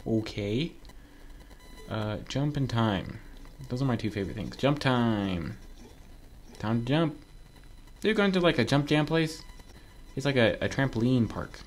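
A man playing a platform game and commenting as he goes, excitable and joking, yelping when something surprises him. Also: medium pitch, measured pace, long pauses. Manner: excitable, talks to himself, yelps when surprised; joking asides to viewers. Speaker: gaming video creator. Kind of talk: casual let's-play commentary.

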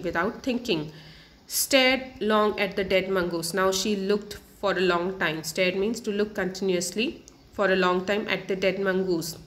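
A woman teacher reads a children's story aloud, pausing often to explain word meanings. Her voice sits at an ordinary middle pitch. She speaks patiently and restates each sentence in plainer words. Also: a bit bright. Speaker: English teacher.

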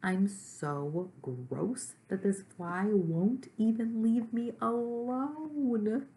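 A woman's voice: medium pitch, measured pace, gravelly, dark tone, voice pushed up. A woman voicing a sad, moldy young male monster who wails and pleads through tears in a storybook reading. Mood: despairing. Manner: wailing, pleading.

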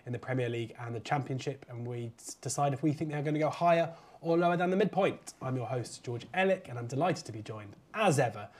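Croaky man hosting a betting show. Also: medium pitch, animated, darkish tone. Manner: chatty, quick asides with fillers. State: croaky from being unwell. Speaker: podcast host. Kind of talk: football betting preview chat.

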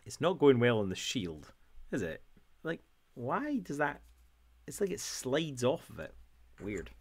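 A man's voice: medium pitch, wildly swooping pitch, unhurried, slightly rough. Jokey Scottish man streaming. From Scotland. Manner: rambling and jokey, laughs often. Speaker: hobby painting streamer. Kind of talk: casual livestream chat while painting.

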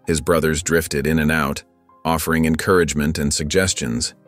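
Deep-voiced male narrator, calm and measured, over soft music. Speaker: storyteller. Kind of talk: scripted narration. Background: faint background music.

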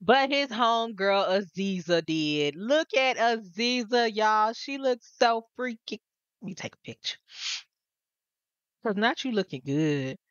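A woman's voice: mid-range voice, a little slow, smooth, dry recording, muffled recording. A woman giving casual, exasperated gameplay commentary straight to her viewers. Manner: animated, exasperated, talks to viewers.

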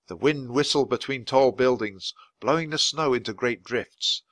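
Bright, clear storybook reader, a man. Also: medium pitch, dry recording. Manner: clear, steady, at natural pace for learners. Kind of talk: storybook read-aloud.

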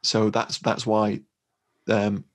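A man co-hosting a podcast, recapping a film in casual chat with halting restarts and dry humor. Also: lowish voice, monotone. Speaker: podcast co-host.

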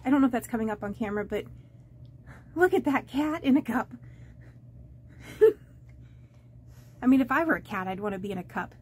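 Breathy, high-voiced woman vlogger. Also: lively intonation, a little mellow. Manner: halting and rambling, with many fillers and restarts; gushing and easily moved. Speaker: budgeting vlogger opening fan mail. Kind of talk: casual unboxing chat to camera.

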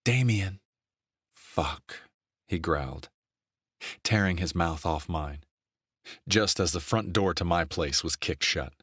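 Deep-voiced male audiobook narrator. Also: a little slow, pauses often, a bit bright, breathy edge, dry recording, studio quality. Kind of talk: scripted romance narration.

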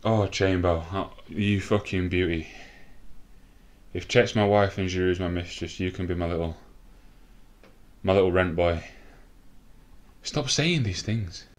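Deep-voiced nervous gamer. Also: male voice, little pitch movement, normal speed, long pauses, darkish tone. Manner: nervous, swearing, laughing bursts. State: out of breath. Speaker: gaming commentator. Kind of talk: excited gameplay commentary.

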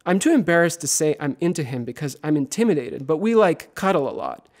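A man giving a poetry reading at a university event, performing theatrically and swinging from loud to hushed, sometimes chanting repeated words. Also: fairly high pitch, sing-song, a little fast. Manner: chanting repetitions. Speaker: poet.

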